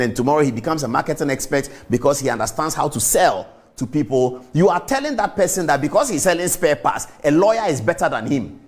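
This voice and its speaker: A man with a Ghanaian accent hosting a morning show, delivering emphatic, repetitive opinion commentary. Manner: emphatic, repetitive scolding, big pitch swings.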